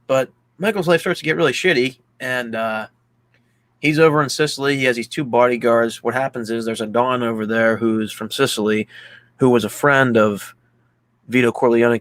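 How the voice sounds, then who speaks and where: A man's voice: mid-range voice, fairly bright tone, no echo. A young man co-hosting a casual movie podcast, retelling the plot in a rambling way, full of "like" and acted-out quotes. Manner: rambling, heavy use of "like", acts out quotes. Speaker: podcast co-host. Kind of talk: casual movie recap chat.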